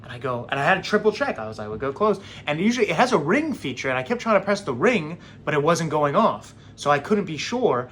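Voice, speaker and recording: A young man recounts a personal story in a casual, animated way, slipping into the voices of the people he met along the way. His voice sits slightly high. A faint low rumble runs underneath the recording. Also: quick pace, hardly any pauses. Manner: animated, acts out quoted voices. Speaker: vlogger telling a story.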